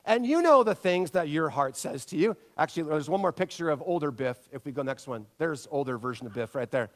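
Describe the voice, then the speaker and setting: A man's voice: a little high, fairly quick. A man in his thirties preaching a sermon as pastor, telling stories with lots of energy and often asking the congregation for agreement. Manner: storytelling, animated, asks the audience for agreement.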